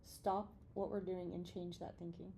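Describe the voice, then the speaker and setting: A woman's voice: on the low side, little pitch movement, normal speed, warm tone. Cheerful woman nurse telling a story. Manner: cheerful, self-deprecating humor. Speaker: nurse and podcast co-host. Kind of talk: casual conversational storytelling. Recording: faint background noise and ambience.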